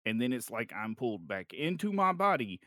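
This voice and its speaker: A young man casually telling a story of a frightening night, animated and swearing, sometimes trailing off into low mumbles. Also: a little fast, no room sound, clean studio sound.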